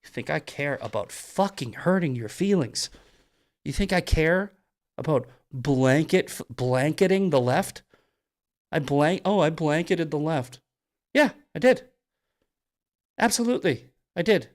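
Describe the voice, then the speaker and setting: A man's voice: fairly high pitch, expressive, a little slow. Profane, angry male political ranter. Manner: angry, profane, shouting bursts; mocking voices of critics. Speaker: host. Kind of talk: political rant monologue.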